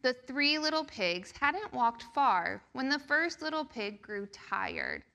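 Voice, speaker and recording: A woman reading a picture book aloud to children during a church service, slow and expressive. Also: sits high, gravelly. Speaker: children's storyteller.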